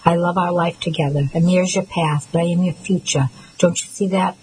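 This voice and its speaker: A woman's voice: fairly low pitch, fairly even intonation, fairly quick, a little mellow, a little hiss or hum, lightly acted, rough recording. A woman reading the lines of a hurt male fiancé in an audiobook, keeping close to her own voice. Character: man, the narrator's fiancé, hurt.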